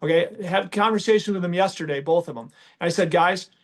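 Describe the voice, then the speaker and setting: A man's voice: sits high, fast. A middle-aged man, hosting a casual podcast and talking emphatically with many restarts. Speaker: podcast host and business owner.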